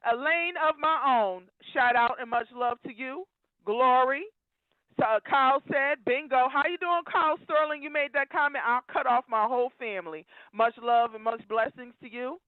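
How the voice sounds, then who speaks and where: A woman's voice comes through a thin, phone-like line, high in pitch and dry with no room sound. She calls in to a live show and lectures listeners in an emphatic, preachy way. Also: normal speed, no echo. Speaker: call-in caller. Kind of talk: live call-in rant.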